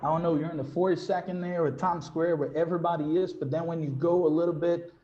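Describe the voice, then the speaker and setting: A man, an English teacher speaking on a panel discussion, telling animated stories. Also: on the high side, fast, reverberant, muffled recording, slight background noise. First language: Portuguese. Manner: animated storytelling, acts out quoted voices.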